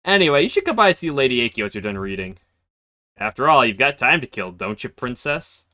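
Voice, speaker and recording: A man voicing a laid-back, cheeky female spirit courier who talks casually and loudly. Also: medium pitch, very animated, a little fast, no room sound, clean studio sound. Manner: casual, slangy, loud.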